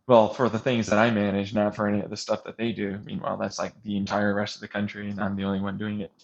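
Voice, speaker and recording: A man's voice: on the low side, fast talker, gravelly, dull audio. A man in a casual, rambling rant, swearing often and laughing between points. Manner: profane, laughing, animated ranting.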